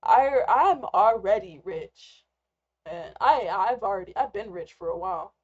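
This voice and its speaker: A woman's voice: mid-range voice, animated, a little slow, a little mellow. A young woman rambling candidly in an unscripted live rant as a trader, swearing freely. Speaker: trader and vlogger. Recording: slightly muffled lo-fi recording.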